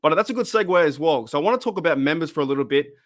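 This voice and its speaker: A man's voice: a little high, animated, rapid-fire. A man hosting a casual live-streamed fan podcast, rambling and reacting to chat comments. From Australia.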